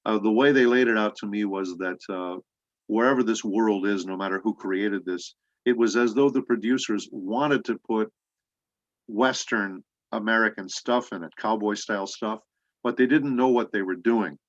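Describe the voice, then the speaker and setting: A middle-aged man, a voice actor guest, telling rambling anecdotes with many pauses in a casual interview. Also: lowish voice, no room sound. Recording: dull lo-fi audio.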